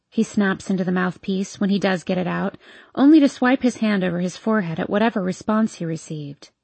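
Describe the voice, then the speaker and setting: A woman narrates a first-person romance story in a soft, intimate way. Her voice is mellow and a little husky, with a dry, close sound. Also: medium pitch, a little fast, dry recording. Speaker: audiobook narrator.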